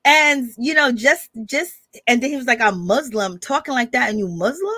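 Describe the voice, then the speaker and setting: A chatty woman hosting a gossip livestream, her voice sitting a little high. She talks straight to her viewers, greeting them by name and calling them baby. The recording is dry and close, with no room sound. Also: moderate pace, pushed and bright, no room sound. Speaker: gossip show host. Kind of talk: casual commentary livestream.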